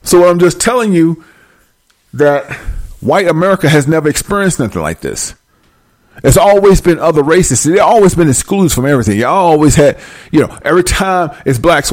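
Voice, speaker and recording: A man's voice: a little high, expressive, moderate pace. A man delivering a profane, preachy comedic rant straight to his viewers.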